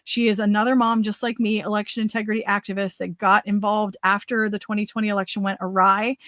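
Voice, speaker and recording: A woman in her forties hosts a political livestream talk show, talking in an energetic, rambling, conversational way while losing her voice. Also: medium pitch, no echo. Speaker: host.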